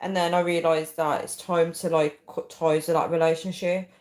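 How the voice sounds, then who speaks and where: This livestream host is a woman whose voice sits low, with a darkish tone, level delivery and moderate speed. She chats casually and rambles, saying um often as she goes through viewer comments, and the room sounds echoey.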